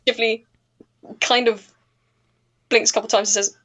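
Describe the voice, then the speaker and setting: A woman narrating as game master of a tabletop game, relaxed and full of fillers. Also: on the high side, normal speed, pauses often.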